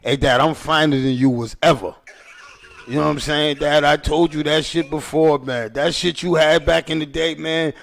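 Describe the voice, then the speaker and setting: A man hosting a podcast in a loose, rambling way. He talks emphatically and swears freely. His voice is high with a gravelly edge. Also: fairly even intonation, normal speed. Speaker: podcast host. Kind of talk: casual chat.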